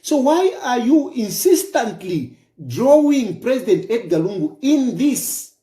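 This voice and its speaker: A man's voice: very high voice, big pitch swings, measured pace, few pauses, warm tone, roomy sound. A man with a Zambian accent giving a political commentary monologue, emphatic, repeating his points and firing off rhetorical questions. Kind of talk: opinion monologue.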